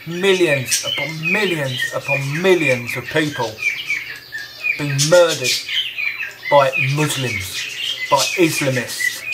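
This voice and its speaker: Slow, scornful man over loud noise. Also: mid-range voice. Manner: confrontational, scornful, deliberate. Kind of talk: angry monologue to camera.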